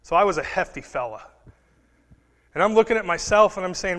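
A young man preaching a sermon and telling a personal story, swinging between hushed and loud delivery. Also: sits high, lively intonation, a little fast, in a large hall.

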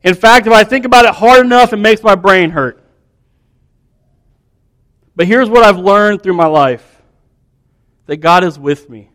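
A male preacher delivering a sermon with a fairly high voice. He stacks questions one after another and swings between energetic storytelling and soft, hushed lines. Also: measured pace, long pauses.

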